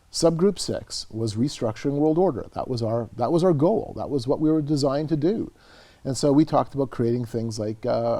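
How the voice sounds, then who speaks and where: Canadian guy telling a story in an interview, darkish husky voice, earnest, repeats himself a lot. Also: medium pitch. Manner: earnest, animated storyteller who repeats words. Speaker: guest, researcher and author.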